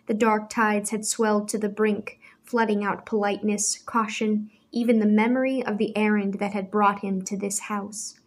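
A woman reading a novel aloud in measured, scripted storytelling narration. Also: medium pitch, level tone. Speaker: audiobook narrator.

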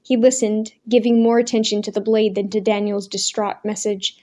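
A woman reading a novel aloud as narrator, in a measured, expressive way. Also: mid-range voice. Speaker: audiobook narrator. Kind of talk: scripted narration.

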